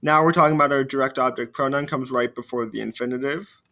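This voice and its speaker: A man in a middle register talks through a French grammar lesson for video. He speaks patiently, uses plenty of fillers, and slows right down when he models each French example. His voice fades softly at the ends of phrases. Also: medium pitch, fairly even intonation. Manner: frequent fillers, trails off quietly at phrase ends. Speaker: French teacher.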